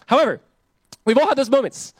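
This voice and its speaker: A young male pastor preaching a sermon with animated, self-mocking storytelling. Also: very high voice, fairly quick, no echo. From Southern California.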